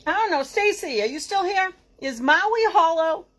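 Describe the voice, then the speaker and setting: A woman's voice: very high voice, expressive, moderate pace, fairly bright tone. A woman with a Boston accent hosting a casual live craft tutorial, chatty and bubbly, rambling asides to her viewers. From Boston area.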